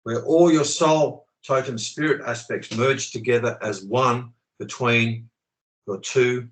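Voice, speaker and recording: A man's voice: mid-range voice, fairly even intonation, slow, poor audio. A man talking with passion on a video call, swearing often and preaching his views. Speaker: channel host. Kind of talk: impassioned conversational rant.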